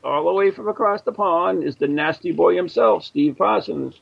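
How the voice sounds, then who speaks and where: Gravelly American man hosting a radio show. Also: high voice, normal speed, lo-fi sound. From United States. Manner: joking, rambling, with many fillers and restarts. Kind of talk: casual radio show chat.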